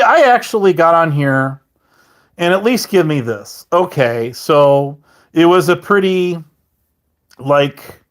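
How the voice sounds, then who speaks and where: A man chatting with viewers on a live stream, rambling and self-mocking with halting restarts and frequent laughs, his mouth dry and his voice turning crackly. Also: fairly high pitch, fairly bright tone.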